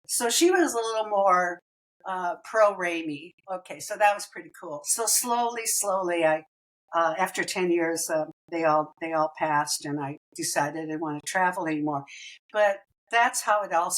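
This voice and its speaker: A woman's voice: medium pitch, low-quality recording. Chatty woman telling her story. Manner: animated, laughs often, acts out quoted dialogue. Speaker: podcast host. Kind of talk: personal storytelling.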